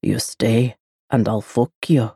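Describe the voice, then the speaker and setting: Woman doing a dark, growling Scottish man, low and threatening, audiobook. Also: fairly even intonation, slow, vocal fry, husky, dry recording, studio quality, heavily acted. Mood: menacing growl. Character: menacing, brooding Scottish man of the castle.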